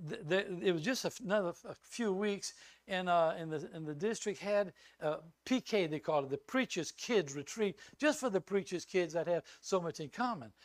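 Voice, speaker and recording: An older man with a high voice preaches as a visiting preacher, weaving personal stories into his sermon. He's an animated storyteller who acts out quoted lines loudly, and the recording is dry.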